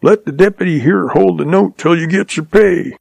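A shrewd old cowboy drawls along in a calm, folksy way, amused at everyone else, as a man puts him on. The voice sits well above the reader's own and keeps a gravelly edge. The sound is dry and close. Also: on the high side, moderate pace, no room sound, pitched above the performer's own voice, heavily acted. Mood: sly calm. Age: older.

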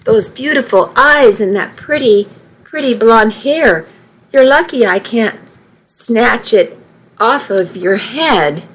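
A fussy, teasing old grandmother from a storybook, as a woman reads her, lifted higher and sweeter than the narration, slow and drawn out. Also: lively intonation, fairly bright tone, husky, heavily acted, poor audio. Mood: delighted. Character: frail, fussy grandmother in a nursing home.

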